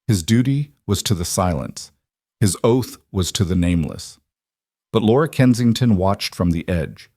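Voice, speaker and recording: A man reads a story in a low, steady voice, pacing each sentence with measured drama. The sound is dry and close, with no room around it. He narrates with the even control of a scripted storyteller. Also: no room sound.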